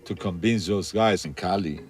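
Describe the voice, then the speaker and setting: A man recounting events in a documentary interview, swearing often and telling the story with lively animation. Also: low-pitched, normal speed. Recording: faint music under voice.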